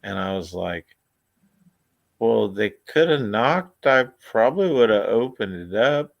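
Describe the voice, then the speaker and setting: A man's voice: on the low side, expressive, unhurried, vocal fry, no room sound, dull audio. Laid-back cursing man telling stories. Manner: laid-back, profane, laughs through his stories. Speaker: storyteller. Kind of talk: casual storytelling chat.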